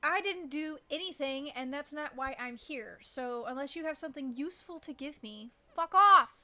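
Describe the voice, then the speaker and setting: A woman streamer giving casual gameplay commentary on a close desk mic, blunt, profane and excitable. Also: high voice, moderate pace.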